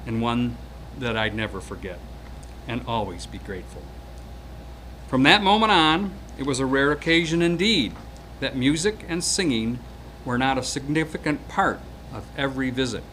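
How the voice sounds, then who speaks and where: A man's voice: medium pitch, expressive, moderate pace, fairly bright tone, slight background noise. A man around seventy reading a prepared eulogy for an old friend, hesitant at first and then telling stories with acted-out quotes.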